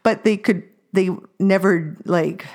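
A woman's voice: medium pitch, takes it slowly, darkish tone. A woman from British Columbia chatting casually about her schooling, laughing often and using many fillers. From British Columbia, Canada. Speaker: podcast guest, former French immersion student. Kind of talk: casual chat.

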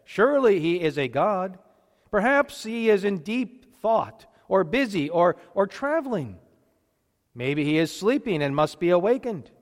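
A man's voice: sits high, very animated, a little slow, long reverb tail. A man reading the words of a stern, bold older male prophet aloud, lifting his emphasis on each quote. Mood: taunting.

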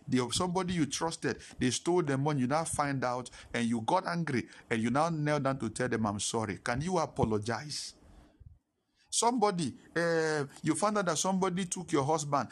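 A man preaching a sermon, telling a personal story and swinging between hushed and emphatic delivery. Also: on the high side.

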